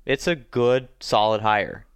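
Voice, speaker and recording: A man's voice: medium pitch, slow pace, clear, resonant tone, no echo. A man co-hosting a casual sports podcast, congested from a cold, who often repeats words as he starts a thought. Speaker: podcast co-host.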